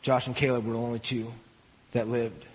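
A man pastor preaching a sermon in a church, conversational and animated, with joking asides. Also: mid-range voice, fairly quick, in a large hall.

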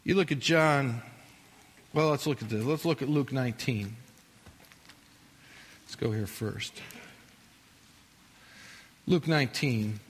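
A male pastor preaching a sermon. He declaims with emphasis and drops into quieter asides. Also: medium pitch, takes it slowly, long pauses, slight background noise. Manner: emphatic, rises and falls between loud declaiming and quiet asides. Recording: long hall reverb.

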